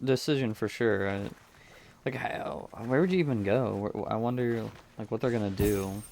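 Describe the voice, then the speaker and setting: A man's voice: on the low side, normal speed, vocal fry, a little mellow, slight background noise. A man chatting casually while he plays a game, rambling and hesitant, often restarting his sentences. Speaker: gaming video creator. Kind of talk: casual chat while playing.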